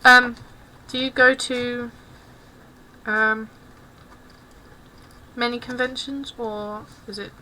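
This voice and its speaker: Young English woman, cosplay streamer, high and unhurried, shy and apologetic. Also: steady tone, pushed and bright, slight background noise, poor audio. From England. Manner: self-consciously awkward and apologetic. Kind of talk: casual chat while crafting.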